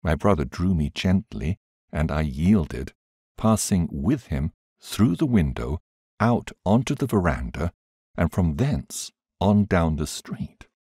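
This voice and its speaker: Very deep-voiced man reading an audiobook. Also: sing-song, takes it slowly, darkish tone, husky, no echo, clean studio sound. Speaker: audiobook reader. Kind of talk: scripted audiobook narration.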